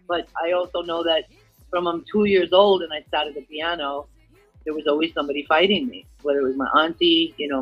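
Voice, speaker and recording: A woman's voice: sits low, breathy edge. Rambling woman on a muffled line. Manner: rambling, frequent "you know" fillers. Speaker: reggae singer guest. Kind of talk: casual interview chat. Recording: dull lo-fi audio.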